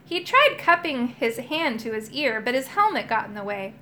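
A woman narrating a children's storybook chapter aloud in an expressive, animated manner. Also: a little high, normal speed, slight background noise.

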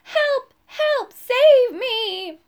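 A frightened old woman crying out in a high, quavering storybook voice, as a woman reads her part. The pitch rises far above the reader's usual tone, and the old woman sounds urgent and shaky as she warns of danger. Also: animated, very slow, full character voice. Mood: panicked.

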